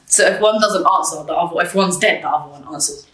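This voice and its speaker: Woman, interviewee, candid storytelling, blunt and animated, frequent swearing, lowish voice, echoey room. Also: fast talker. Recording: roomy, distant mic.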